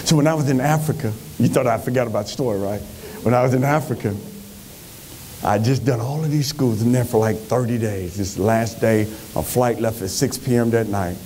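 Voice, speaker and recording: A man giving an energetic motivational speech on a conference stage, telling stories with animated delivery. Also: medium pitch, brisk, slight background noise. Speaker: motivational speaker.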